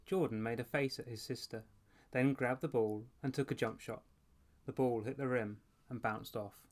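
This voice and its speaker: Thirties male reader, lively storybook narration. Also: medium pitch, moderate pace. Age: 30s. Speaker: audiobook reader.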